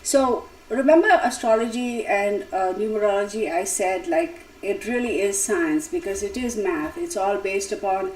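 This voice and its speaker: A woman's voice: medium pitch, normal speed, hardly any pauses, darkish tone, a little hiss or hum, low-quality recording. A woman hosting a tarot live stream, talking casually and straight to her viewers, chatty and wandering off topic with frequent laughs. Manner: chatty, digressive, laughs often, talks to viewers directly.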